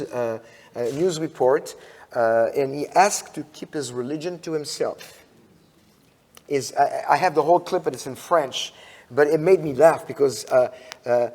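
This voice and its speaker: Male conference speaker in a church, animated storyteller, slightly high voice, long hall reverb. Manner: animated storyteller, frequent restarts, asks audience questions. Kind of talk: sermon-style conference talk. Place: church sanctuary.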